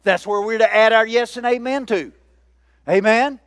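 High-voiced preacher man, dry sound. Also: moderate pace, clear, resonant tone, no echo. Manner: lively, joking preacher who calls out to the congregation. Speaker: pastor. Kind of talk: sermon.

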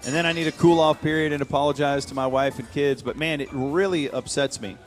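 Man, radio host, casual storytelling, slightly high voice, music faint behind. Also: fairly quick. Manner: animated storyteller, laughs often.

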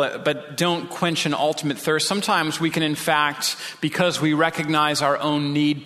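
A man's voice: on the high side, sharp tone, long reverb tail. A male pastor preaching a sermon, earnest and pleading, sometimes dropping his voice to a whisper.

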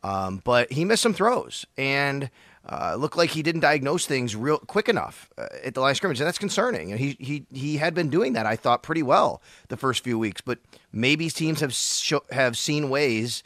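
A man talking sports on the radio, his voice bright and a little edgy. He thinks out loud, hedges often, and leans on fillers. The sound is close and dry. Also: medium pitch, sing-song, normal speed, no echo. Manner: thoughtful, hedging, many fillers. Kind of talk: sports talk radio chat.

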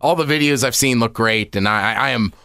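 A man's voice: mid-range voice, brisk, sharp tone, clear, resonant tone, no echo, studio quality. A man co-hosting a casual podcast, reacting with upbeat, supportive remarks. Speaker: podcast co-host.

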